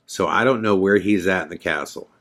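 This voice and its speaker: Male podcast host, low voice, intense first-person storyteller with a regretful edge. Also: brisk, fairly bright tone. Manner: intense, regretful retelling with swearing.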